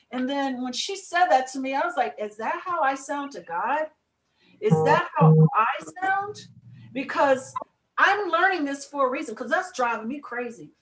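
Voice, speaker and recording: A woman chatting on a morning talk show, her voice a little high and bouncing off the walls of an echoey room. She talks with emphatic, animated energy and drifts into spiritual reflection. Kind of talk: casual chat.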